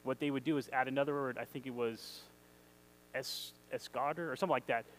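A male preacher giving an excitable, emphatic sermon, reading scripture aloud and asking his listeners questions. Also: medium pitch, a little fast, slight background noise, low-quality recording.

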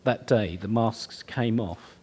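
A man's voice: fairly low pitch, takes it slowly, a little mellow, breathy edge. A middle-aged man preaching, telling his own story in an earnest, conversational way. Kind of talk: sermon testimony.

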